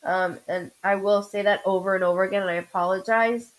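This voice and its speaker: A woman hosting a live-streamed psychic reading. She speaks haltingly, often saying "hold on," breaking off and restarting as she relays impressions. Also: mid-range voice, steady tone, poor audio. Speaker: psychic medium host.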